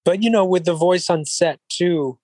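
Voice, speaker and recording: A man, an actor being interviewed, who talks in an even-keeled, mellow way, rambling with frequent restarts and filler phrases. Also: sits high, normal speed, no room sound, low-quality recording. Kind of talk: relaxed interview conversation.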